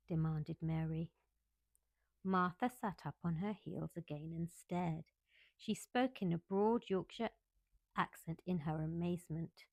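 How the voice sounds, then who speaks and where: A woman reads a classic novel aloud as a bedtime story, calm and measured. Her voice sits a little low. The recording is close and dry. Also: no echo.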